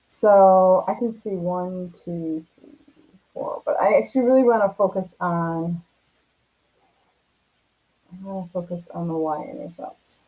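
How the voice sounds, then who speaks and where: A woman teaches a recorded math lesson from home, talking casually and often checking in with "right?". Her voice sits low and sounds warm and mellow. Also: a little slow, long pauses, low-quality recording.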